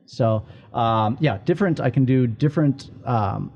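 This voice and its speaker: A man in his forties co-hosting a podcast in casual, excitable chat, often restarting his sentences. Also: mid-range voice, fairly quick. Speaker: podcast co-host, entertainment director. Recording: slightly dull lo-fi recording.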